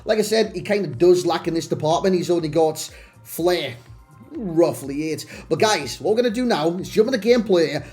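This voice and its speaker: A man's voice: fairly high pitch, animated, normal speed, darkish tone, soft background music. A young man hosting a gaming channel, talking through a player review in a chatty, self-deprecating way with plenty of restarts. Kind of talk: casual game review commentary.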